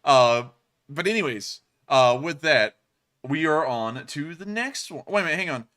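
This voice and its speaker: A man in his twenties co-hosting a live stream, chatting casually and rambling with lots of fillers and restarts, deliberately raising his pitch. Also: expressive, fairly bright tone. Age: 20s. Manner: speaks in a deliberately raised pitch. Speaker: stream co-host.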